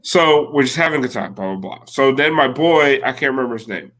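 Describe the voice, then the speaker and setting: Bright-voiced rambling man telling a story. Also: mid-range voice, lively intonation, fairly quick. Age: late 30s. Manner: rambling, profane, loud storyteller. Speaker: podcast co-host. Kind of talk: casual storytelling chat.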